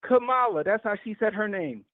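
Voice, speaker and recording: Heated and profane, a man phones in to a talk show to rant rapidly and animatedly about a debate. The tinny line carries his mid-range voice without any echo.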